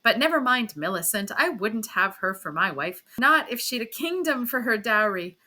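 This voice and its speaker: A woman reading a loud, teasing young husband. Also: fairly high pitch, sing-song, moderate pace, heavily acted. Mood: boisterous. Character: blustering hearty young gentleman husband.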